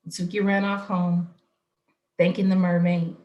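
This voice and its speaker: A woman from Arizona telling a story at a live online storytelling event, slow, expressive and rhythmic. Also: lowish voice, roomy sound, muffled recording. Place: home, online stream.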